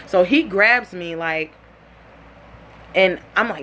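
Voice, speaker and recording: Young woman telling a story, blunt and animated. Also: on the low side, slow pace, pauses often, slight background noise. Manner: animated, blunt and profane, acts out quotes. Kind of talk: casual personal storytelling.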